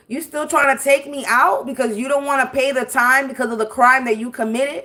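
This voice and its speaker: A woman's voice: on the high side, steady tone, normal speed, a bit bright. A woman hosting a spiritual livestream, delivering a profane, confrontational rant with repetition and scattered laughs. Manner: laughs mid-sentence. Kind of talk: ranting livestream monologue.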